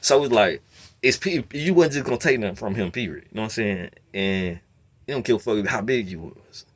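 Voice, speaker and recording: A man telling a long story in a casual rant, slipping between low muttering and loud outbursts. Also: animated, brisk. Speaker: storyteller host.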